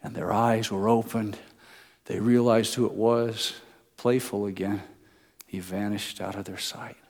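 A man preaching a sermon, retelling a story, swinging between loud emphasis and soft, slow asides. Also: lowish voice, steady tone. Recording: long hall reverb.

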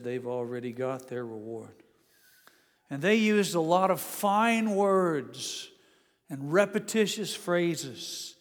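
An older man preaching a sermon as pastor, telling homely stories with gentle humor. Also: fairly high pitch. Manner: folksy storytelling with gentle humor. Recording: long reverb.

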